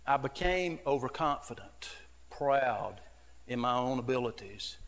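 A man's voice: medium pitch, expressive, unhurried, a bit bright, long reverb tail. A middle-aged man, an associate pastor, preaching a sermon in an earnest, conversational storytelling way. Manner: earnest, conversational storytelling with frequent "you know".

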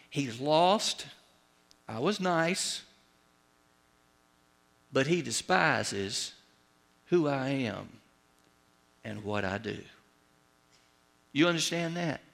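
A pastor telling a story and preaching a sermon with emphatic delivery. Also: male voice, fairly high pitch, fairly bright tone. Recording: long hall reverb.

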